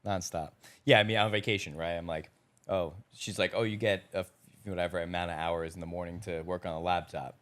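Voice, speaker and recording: A man's voice: deep voice, fairly even intonation, fairly quick, fairly bright tone. A man co-hosting a podcast in a laid-back style, laughing easily and swearing now and then. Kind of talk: casual podcast chat.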